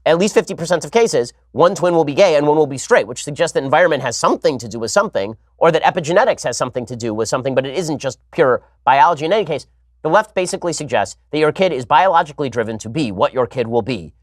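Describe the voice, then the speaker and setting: A man talking quickly and sardonically as a talk show host, voice pitched a little high for a man. The sound is close and dry, with no room echo. He piles up arguments and throws in mocking asides. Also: animated. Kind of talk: fast opinionated monologue with sarcasm.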